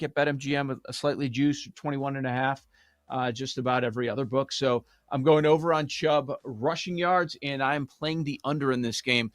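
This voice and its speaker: A man hosting a sports betting show, talking casually and thinking out loud with restarts. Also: mid-range voice, dry recording, clean studio sound.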